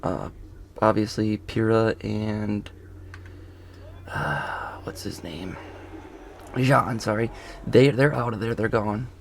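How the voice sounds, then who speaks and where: Picture a man talking a show recap outdoors with faint ambience behind him. His voice sits low and gravelly, and he rambles, backtracks and corrects names mid-sentence. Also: slow, pauses often, a little hiss or hum. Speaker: video reviewer. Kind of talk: casual spoken review. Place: outdoors on a golf course.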